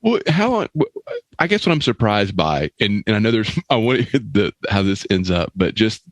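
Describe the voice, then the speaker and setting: A man co-hosting a comedy podcast, asking wry questions in a halting way with frequent restarts. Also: on the low side, very animated, dry recording. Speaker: podcast co-host. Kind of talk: casual comedic chat.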